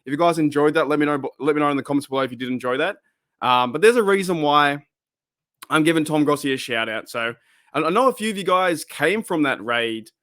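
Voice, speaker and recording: A man's voice: on the high side, lively intonation, fairly quick, a bit bright, no echo, studio quality. An Australian man hosting his channel, chatting casually about football with lots of fillers and rambling asides. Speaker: channel host. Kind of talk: casual fan commentary.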